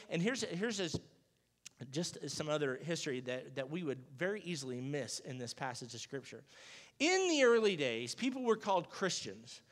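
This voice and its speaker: High-voiced pastor preaching in a reverberant church. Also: male voice, moderate pace. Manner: acts out Bible dialogue in a lively, jokey everyday voice. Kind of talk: casual conversational sermon. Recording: church sanctuary with long reverb.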